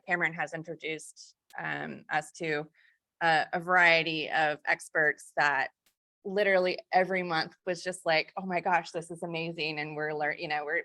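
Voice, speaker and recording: A woman's voice: sits low, sharp tone, no echo, clean studio sound. A woman speaking as a faculty fellow on a panel, in a conversational way with many fillers and self-corrections.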